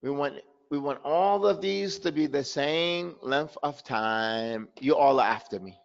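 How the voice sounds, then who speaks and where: A creaky, fairly high-pitched male voice, moving a little slowly, leads a live online recitation class. Sounds get drilled repeatedly and Arabic terms slip into his explanations. The class audio is lo-fi and dull.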